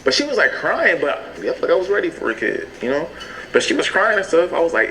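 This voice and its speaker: A young adult man retelling personal events in a relaxed way for a documentary interview. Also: sits high, fast talker, low-quality recording. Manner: relaxed retelling, quoting others.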